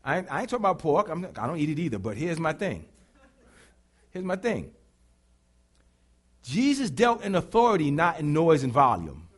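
A pastor preaching with call-and-response, animated and bursting into shouts. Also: male voice, fairly high pitch. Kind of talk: sermon.

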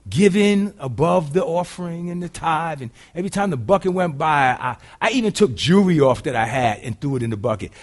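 Husky preacher swinging loud to hushed. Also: male voice, a little high, lively intonation, fairly quick, hardly any pauses. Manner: casual folksy delivery. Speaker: pastor. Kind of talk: sermon.

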